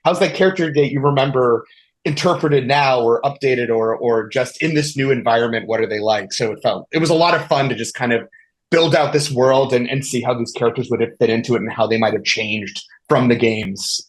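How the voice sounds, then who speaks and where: An enthusiastic man answers interview questions as a TV showrunner, his voice sitting at a medium pitch. He rambles and restarts his sentences often, his speech relaxed and conversational. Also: brisk, low-quality recording.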